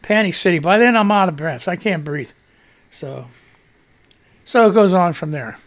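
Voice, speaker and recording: A man's voice: high-pitched, animated, moderate pace. A man hosting a live radio show, telling a rambling story in casual chat with fillers and mild cursing.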